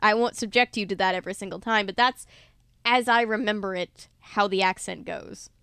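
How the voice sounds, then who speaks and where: A woman's voice: medium pitch, moderate pace, clean tone, dry recording, clean studio sound. A woman reading a manga adaptation aloud in a casual, playful way, adding her own asides and laughing between passages. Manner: playful, laughs between lines, animated quoted voices.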